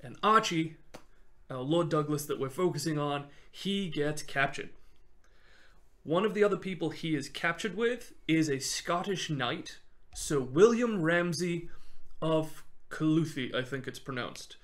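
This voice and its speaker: A man hosting a podcast, telling a history story in an animated, casual way and laughing often. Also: fairly high pitch, measured pace. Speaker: podcast host.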